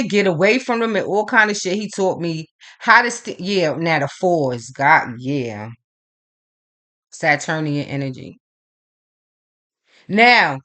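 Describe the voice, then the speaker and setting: A woman who reads astrology and tarot, talking in a casual monologue. She tells stories in a rambling, profane way and keeps acting out both sides of old arguments with emphasis. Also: mid-range voice. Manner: animated, profane, rambling storytelling; emphatic back-and-forth retelling of arguments.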